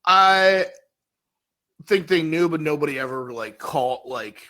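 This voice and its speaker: Bright-voiced rambling male podcaster. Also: a little high, expressive, measured pace. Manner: rambling storyteller, lots of fillers. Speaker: podcast co-host. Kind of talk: casual chat.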